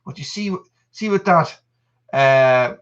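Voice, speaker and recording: A man in his thirties hosting a live stream, talking in loose, rambling chat and answering viewers as he goes. His voice is bright and forceful. The sound is dull and lo-fi. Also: medium pitch, expressive, slow. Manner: rambling and chatty, reading out viewer messages. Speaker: channel host.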